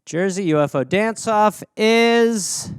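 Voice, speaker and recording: A man's voice: high-pitched, takes it slowly, clear, resonant tone, dry recording, studio quality. A man hosting a comedy podcast, riffing in a profane, incredulous monologue. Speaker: podcast host.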